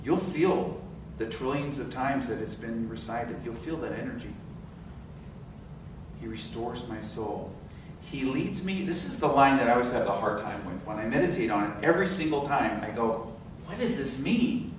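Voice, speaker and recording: A man's voice: mid-range voice, normal speed, hardly any pauses, background noise. Older minister in his 60s, storytelling sermon, very roomy sound, mic at a distance. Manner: storytelling, dropping to soft meditative tones. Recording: very echoey hall, mic far off.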